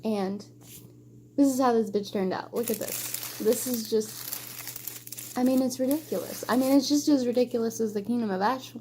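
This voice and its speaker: A woman's voice: fairly high pitch, moderate pace, mellow, a little hiss or hum. A young woman chatting casually about books she read, gushing and emotional with lots of rambling asides. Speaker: book vlogger. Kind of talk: casual book wrap-up chat.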